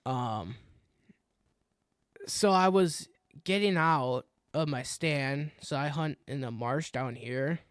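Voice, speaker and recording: A man's voice: medium pitch, slow, clean tone, dry recording, studio quality. A young man, co-hosting a podcast and animatedly telling a hunting story, acting out his own reactions as he goes. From Wisconsin. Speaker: podcast co-host. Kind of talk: casual hunting story chat.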